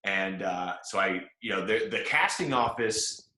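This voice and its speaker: Young male podcast guest from South Carolina, bright lower voice, lively storyteller, recorded in a roomy space. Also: unhurried. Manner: animated storyteller acting out quotes. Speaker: guest actor. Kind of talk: casual storytelling interview. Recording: echoey room.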